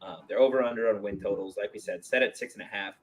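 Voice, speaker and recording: A man's voice: on the low side, fast, low-quality recording. A young American man hosting a casual sports podcast, joking around and reading sponsor lines. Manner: animated, jokey, reads sponsor copy. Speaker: podcast host. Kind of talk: casual sports chat with ad reads.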